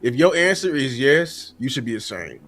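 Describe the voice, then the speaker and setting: A man co-hosting a sports podcast, animated and slangy, asking rhetorical questions. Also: mid-range voice, moderate pace, soft background music. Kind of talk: casual sports talk.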